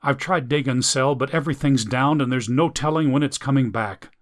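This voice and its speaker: A man's voice: mid-range voice, brisk, close to an everyday voice. A man voicing a sarcastic, exasperated adult daughter.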